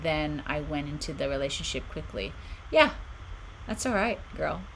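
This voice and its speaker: A middle-aged woman with a bright, slightly low-pitched voice speaks in a reassuring, conversational way. She is hosting a live stream and reads out viewer comments between her pieces of advice. A faint hiss of background ambience sits under her voice. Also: animated, moderate pace, vocal fry, poor audio. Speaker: spiritual channel host.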